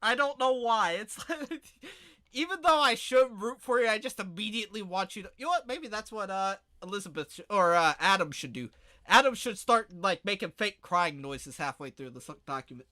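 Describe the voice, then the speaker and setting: High, bright-voiced man joking crudely. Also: animated, normal speed. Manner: crude joking, loud mock-shouting impressions, frequent laughter. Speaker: podcast co-host. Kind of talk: casual chat.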